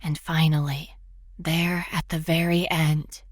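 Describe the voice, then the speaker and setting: Hushed, low-voiced young woman narrator. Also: flat delivery, takes it slowly, no room sound, clean studio sound. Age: young adult. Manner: hushed, often whispery. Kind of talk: scripted first-person horror narration.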